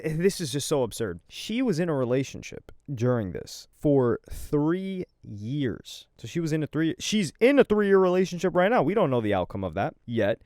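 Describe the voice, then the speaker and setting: A man talks through a reaction video in rambling, slangy commentary. His pitch swings widely, and the recording is close and dry. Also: darkish tone, no room sound. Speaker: streamer commentator.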